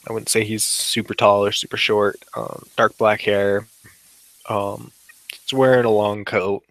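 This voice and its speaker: Low gravelly guy chatting at a tabletop game, dead dry sound. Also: level tone, measured pace, a bit bright, no echo. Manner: casual, joking. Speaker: player.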